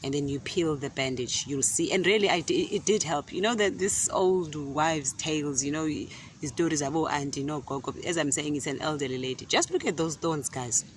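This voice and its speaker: A middle-aged woman telling a casual story in an animated way, often repeating words and laughing. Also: low voice, moderate pace, slight background noise. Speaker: gardening vlogger. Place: outdoor garden.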